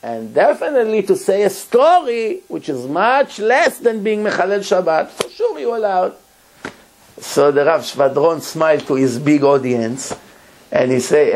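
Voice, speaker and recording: A man's voice: high-pitched, sing-song, measured pace, a little mellow. A man, a rabbi giving a Torah lecture, telling a story emphatically and repeating words for effect.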